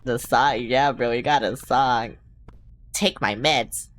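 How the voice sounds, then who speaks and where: A woman's voice: a bass voice, takes it slowly. A woman streamer playing a game, making casual, joking remarks with swearing and laughing asides. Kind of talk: casual let's-play commentary.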